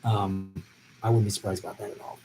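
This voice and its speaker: At home, an easygoing male host answers viewer questions in a casual live stream chat, chatty and quick to laugh, his voice tiring after a long stream. It's lowish, level and darkish in tone, with faint music behind and poor audio quality.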